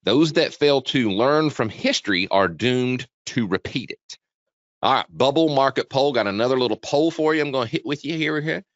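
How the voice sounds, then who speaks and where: A man hosting a live trading webinar, chatty and energetic, talking quickly with frequent restarts. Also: mid-range voice, dry recording. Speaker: webinar host, trading educator. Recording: dull, dry lo-fi sound.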